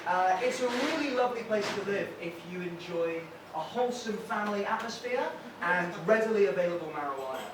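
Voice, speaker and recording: A man's voice: sits high, expressive, brisk, few pauses. A man doing a stand-up comedy set and hosting the night, telling wry stories and acting out characters on stage. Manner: wry, storytelling, acting out street sellers. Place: comedy club stage with a live audience. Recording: echoey club room, mic heard from a distance, noisy.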